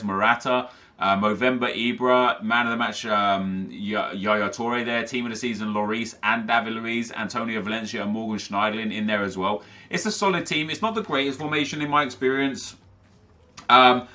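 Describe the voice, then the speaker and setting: Young guy narrating his football game highlights, bright voice, loose chatty play-by-play. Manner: chatty play-by-play, frequent fillers. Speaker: gaming commentator. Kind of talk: casual gameplay commentary.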